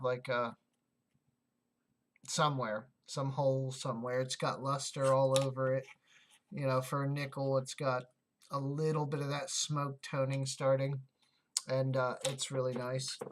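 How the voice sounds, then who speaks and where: Unhurried, mid-pitched livestream host; casual, musing, chats back to viewers. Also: slight background noise. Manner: thinks aloud, chatty, talks back to chat comments. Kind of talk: casual livestream chat while sorting coins.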